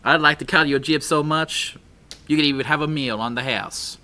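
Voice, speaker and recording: A man's voice: fairly high pitch, a little fast, pushed and bright, slight background noise, voice pushed up. A man voicing a boisterous frontier saloon bartender who talks in a folksy drawl and breaks into hammy outbursts. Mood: welcoming.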